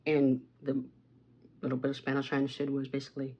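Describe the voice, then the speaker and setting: A woman's voice: rumbling low, completely flat delivery, fast, mellow. A woman vlogging at home, chatting through a rambling story with asides about her makeup. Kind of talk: casual get-ready-with-me storytime.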